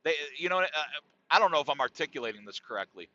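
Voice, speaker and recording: Rambling and profane, this middle-aged podcast host talks through a relaxed comedic monologue at a quick clip. His pitch sits fairly high and swings widely, with a bright, forceful tone. The lo-fi audio is dull and dry with no echo.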